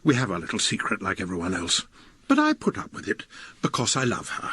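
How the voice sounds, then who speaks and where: An actor playing a sociopathic older academic father in a radio comedy, dry and deadpan. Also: lowish voice, a little fast, breathy edge, dry recording, exaggerated voice.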